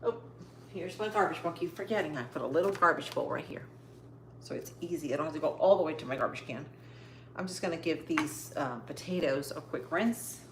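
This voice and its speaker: A woman's voice: low voice, animated, fairly quick. Chatty woman livestreaming from her kitchen. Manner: chatty and upbeat, talks while chopping. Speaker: cooking livestream host. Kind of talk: casual cooking chat to live viewers. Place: home kitchen. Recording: echoey kitchen with faint noise.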